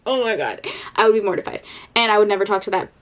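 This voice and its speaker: A young woman vlogging casually about a book she is rereading, chatty and animated, laughing and swearing now and then. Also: medium pitch, quick pace. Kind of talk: casual vlog chat.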